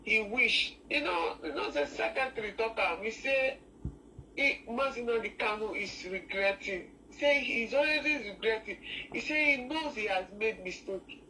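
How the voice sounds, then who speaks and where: A woman's voice: fairly high pitch, expressive, pushed and bright. A Nigerian woman calls in to a talk show, her voice sounding distant from the mic. She speaks with feeling and often stops and restarts her sentences. A faint noise runs under the call. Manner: emotional, halting, many restarts. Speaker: caller. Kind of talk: call-in discussion, mixing English and Pidgin.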